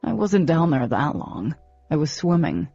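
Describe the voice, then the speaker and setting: Cocky teenage boy in an audiobook, teasing and dismissive, low husky tone, dull recording, read by a woman. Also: big pitch swings, measured pace, dark tone, faint music behind, full character voice.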